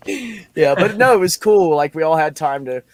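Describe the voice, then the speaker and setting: A man's voice: a little high, lively intonation, normal speed, a little hiss or hum. Middle-aged man telling a rambling story. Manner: rambling, profane, laughs between lines. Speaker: podcast host. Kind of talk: casual storytelling chat.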